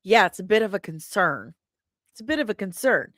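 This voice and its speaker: A woman hosting an opinionated commentary show, sarcastic and quick to laugh. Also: mid-range voice, very animated, fairly bright tone, no room sound, clean studio sound. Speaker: host. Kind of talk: casual commentary.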